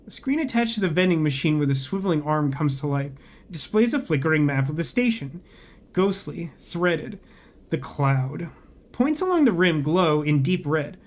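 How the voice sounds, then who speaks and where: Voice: mid-range voice, sing-song, normal speed. A game streamer reading a narrative game aloud and breaking off for wry, sarcastic asides.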